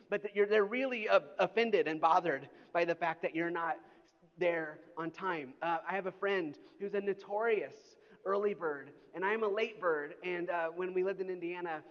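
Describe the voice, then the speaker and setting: A middle-aged pastor delivers a sermon, telling stories with animated, mock-indignant energy. His voice sits high for a man. The sound is a little dull, and his words ring out in a large hall with long reverb. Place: church auditorium.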